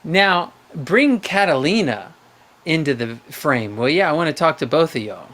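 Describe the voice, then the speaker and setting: A man's voice: on the high side, lively intonation, moderate pace, fairly bright tone. A man hosting a live call-in show, coaching young callers in a playful, upbeat way, asking questions and running little games.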